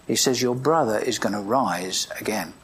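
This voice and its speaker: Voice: medium pitch, moderate pace, breathy edge. A preacher delivering a morning sermon, reading scripture aloud and asking the congregation questions in a reflective way.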